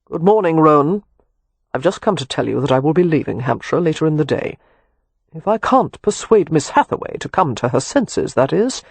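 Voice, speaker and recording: An audiobook narrator voicing a controlled, formal male doctor who speaks in measured murmurs. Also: a little high, very animated, creaky, slightly rough, dry recording, heavily acted. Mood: cool.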